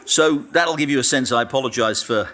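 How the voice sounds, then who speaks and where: A British man in his fifties speaks as a guest lecturer at a mid-range pitch. His humour is dry and self-deprecating, and his sentences are dotted with ums and restarts as he builds his points. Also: brisk, a bit bright, slight background noise. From Britain. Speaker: journalist and author giving a talk. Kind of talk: public lecture with anecdotes.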